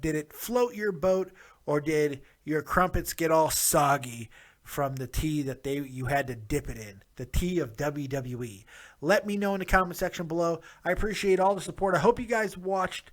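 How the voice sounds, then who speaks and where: Upbeat, fairly high-voiced male vlogger. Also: normal speed. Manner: upbeat, rambling, talks straight to viewers. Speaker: wrestling show reviewer, host. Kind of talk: casual review vlog.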